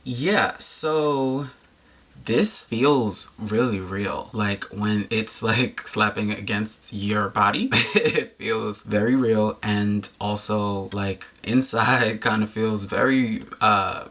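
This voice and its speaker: A man's voice: on the low side, bright, forceful tone, slight background noise, low-quality recording. A man talking as a YouTuber in a casual vlog monologue, open and reflective, with frequent "like" fillers.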